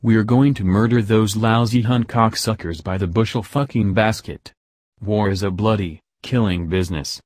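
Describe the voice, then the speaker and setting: Guy reading as a gruff cursing army general, lowish voice, dry sound. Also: moderate pace, darkish tone, no room sound, close to an everyday voice. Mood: fierce. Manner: gruff, profane, commanding. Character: blunt profane male army general rallying troops. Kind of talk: read-aloud speech.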